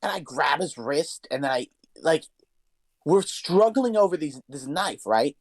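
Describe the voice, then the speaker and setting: A man's voice: on the high side, expressive, measured pace, dry recording. A young man co-hosting a podcast, telling a story in casual chat, swearing a lot and talking with animation. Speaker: podcast co-host.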